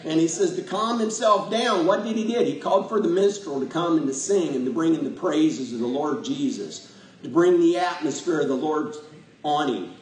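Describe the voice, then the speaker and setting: A man's voice: fairly high pitch, normal speed, darkish tone. A man preaching a folksy, emotional sermon to a congregation, laughing often as he talks. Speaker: pastor. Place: church sanctuary with congregation. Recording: echoey church, voice from far off.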